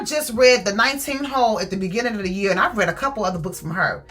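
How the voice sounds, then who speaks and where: A woman giving a casual, animated book review, retelling the story with acted quotes. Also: medium pitch, fast talker, few pauses, breathy edge, faint music behind.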